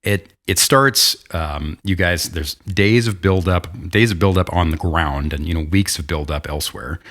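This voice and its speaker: Deep-voiced chatty man hosting. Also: moderate pace. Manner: chatty, animated storyteller. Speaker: podcast host. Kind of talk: casual podcast chat.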